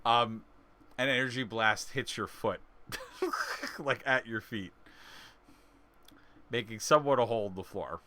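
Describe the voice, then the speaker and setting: A man's voice: medium pitch, a little slow, pauses often, bright, forceful tone. A man narrating as game master of a tabletop game, rambling with frequent fillers and laughs.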